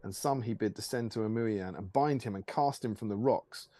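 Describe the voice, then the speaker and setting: A man hosting a stream, reading an archaic fantasy tale aloud in a measured storytelling manner. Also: on the low side, mellow. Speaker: stream host.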